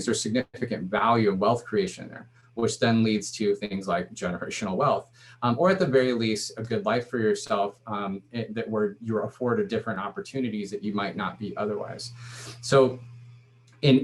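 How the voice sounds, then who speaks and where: A man and startup founder, talking to an audience in a loose, conversational way full of restarts and fillers. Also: lowish voice. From Latino background. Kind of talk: casual talk to an audience.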